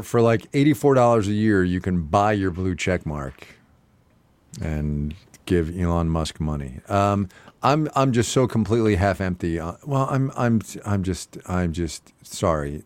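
A man co-hosting a casual news chat show, giving emphatic, animated opinions. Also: sits low, normal speed, dry recording. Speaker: co-host.

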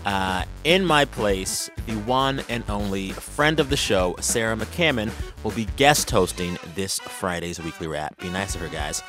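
A male podcast host who talks in a friendly, chatty manner. His pitch moves a lot as he speaks, and faint music plays under his voice. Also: lively intonation, unhurried, few pauses. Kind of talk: conversational interview and show outro.

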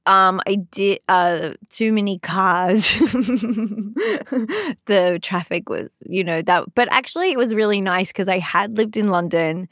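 A woman's voice: medium pitch, measured pace, fairly bright tone, no room sound, clean studio sound. A woman from Sydney with an Australian accent, chatting casually as a guest in an interview, laughing easily and filling her talk with "like". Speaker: actor, guest.

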